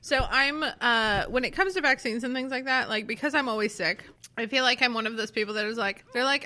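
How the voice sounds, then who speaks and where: Casting: young woman co-host, a touch high-pitched and bright, chatty, filler-heavy. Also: moderate pace. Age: young adult. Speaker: podcast co-host. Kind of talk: casual chat.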